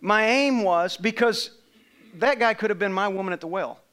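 A pastor tells a story from the pulpit during a casual sermon, his voice high and bright, his tone clean, his pace normal. He's relaxed and conversational, turning to people in the congregation to confirm details.

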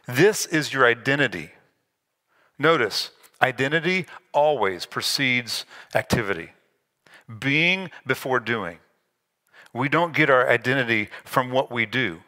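A pastor preaches a sermon, walking through scripture conversationally and slipping in self-deprecating asides. His mid-range voice is expressive, bright and forceful, moving at a measured pace.

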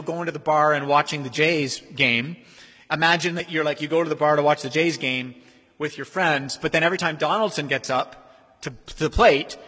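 A man preaching a sermon as pastor, in a conversational, animated way. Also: on the high side. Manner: conversational, animated, acts out quoted voices. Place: church sanctuary. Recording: long hall reverb.

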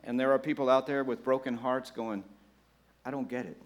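A man preaching a sermon to a congregation, conversational and animated, acting out the voices of churchgoers and laughing along with the room. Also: medium pitch, moderate pace, a little hiss or hum. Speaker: pastor.

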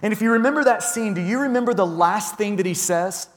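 A high-voiced man in his thirties preaches with earnest warmth, often doubling words as he eases into a thought. His voice carries a long reverb from the church sanctuary around him. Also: fast talker, slight background noise. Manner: earnest, repeats words when starting phrases. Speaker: pastor. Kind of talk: sermon.

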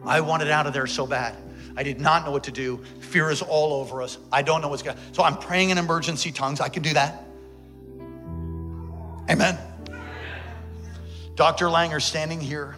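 A man, a pastor, telling a dramatic story in a sermon, swinging between loud excitement and hushed tones. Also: on the high side, normal speed, faint music behind.

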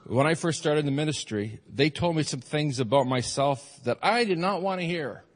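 A man preaching a sermon as pastor, rising to loud peaks and dropping to quiet asides. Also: on the high side, expressive, moderate pace. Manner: preaching, swings from shouted peaks to soft asides. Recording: long hall reverb.

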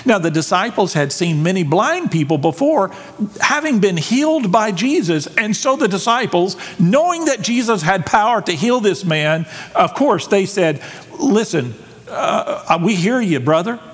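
A man preaching a sermon in a church, animated and emphatic, asking the congregation rhetorical questions. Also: sits high, moderate pace, husky. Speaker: pastor. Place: church sanctuary. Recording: long hall reverb.

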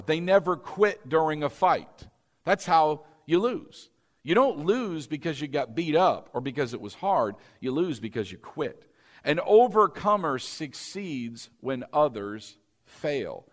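Animated preaching man, lively pitch. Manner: preaching with call-and-response prompts; rising to emphatic, louder peaks. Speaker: pastor. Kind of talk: sermon.

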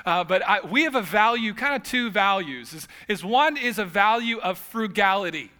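High, bright-voiced preaching man. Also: normal speed. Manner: lively, humorous storytelling with casual asides. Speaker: pastor. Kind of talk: sermon.

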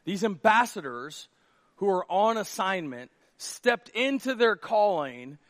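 Male pastor, high-pitched voice, conversational sermon delivery with hushed lows and shouted highs. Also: big pitch swings, takes it slowly. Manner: conversational, drops to a hush for acted dialogue, then rises to near shouts. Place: church auditorium stage.

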